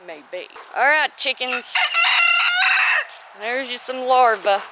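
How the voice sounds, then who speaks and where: With a fairly high voice, she takes her time, leaving long pauses as she chats casually through outdoor farm chores among the chicken and rabbit pens. This homestead vlogger often pauses to coo at her chickens by name, with background noise audible.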